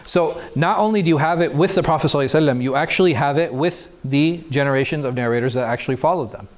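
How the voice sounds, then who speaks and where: A man with a fairly high voice teaches a class. He explains in a steady lecture, often asking the room a question and then answering it himself. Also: racing. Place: mosque classroom.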